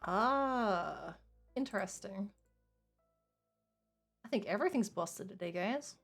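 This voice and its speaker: A woman's voice: medium pitch, expressive, slow pace, faint music behind. A woman with a mild Australian accent, chatting casually to her live-stream audience, laughing often while she sorts out tech problems.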